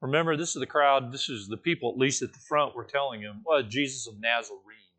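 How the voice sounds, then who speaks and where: A man's voice: medium pitch, fast, sharp tone. A man preaching a conversational sermon, correcting himself as he goes and rising now and then to emphatic, raised passages. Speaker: pastor.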